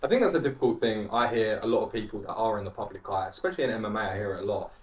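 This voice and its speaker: A male interviewer asking loose, rambling questions in a relaxed conversation. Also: lowish voice, rapid-fire, highs cut off. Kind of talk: casual interview.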